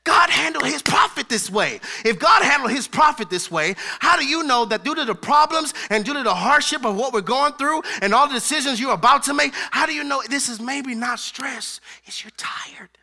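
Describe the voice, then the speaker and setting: A male pastor with a high, strikingly bright voice delivers a sermon in a relaxed, slangy way. He shouts some lines and then drops to a low, hushed near-whisper. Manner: casual slangy preaching with acted quotes.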